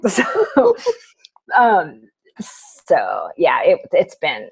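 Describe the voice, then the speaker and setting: A woman's voice: lowish voice, wildly swooping pitch, drawn-out words, vocal fry, long pauses, husky, low-quality recording. A middle-aged woman, an author guest in a live video interview, telling a personal story with lots of quoted dialogue.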